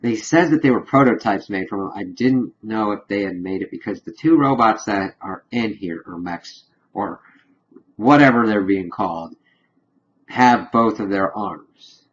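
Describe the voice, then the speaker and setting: A man giving a casual spoiler review of a TV episode, rambling and excitable as he retells scenes with quick paraphrased quotes. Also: on the low side, muffled recording.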